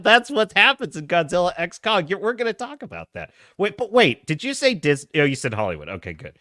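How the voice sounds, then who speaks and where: A middle-aged man hosting his own live show, talking fast and loose with frequent laughs. His voice sits a bit high and sounds bright, and it is recorded dry and close. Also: no echo. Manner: animated, laughing often, reads chat aloud. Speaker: host. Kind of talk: casual live-stream commentary.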